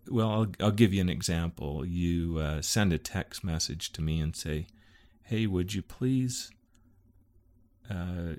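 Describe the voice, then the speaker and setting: A man with a very low voice co-hosts a relaxed podcast alongside his wife. He talks things through in a rambling way, backing up to fix his words as he gives everyday examples. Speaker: podcast co-host. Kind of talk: casual podcast chat.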